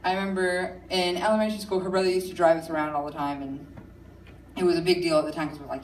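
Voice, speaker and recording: A woman's voice: on the low side, steady tone, fast talker, slight background noise. Chatty woman comic in an echoey room. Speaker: comedian. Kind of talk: stand-up comedy storytelling. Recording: echoey room, mic far off.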